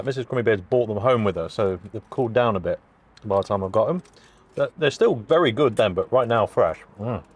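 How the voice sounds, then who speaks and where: A man vlogging in his parked van, chatting casually and jokily to camera about food, with the camera mic catching his voice. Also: on the low side. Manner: jokey, chatty, self-deprecating.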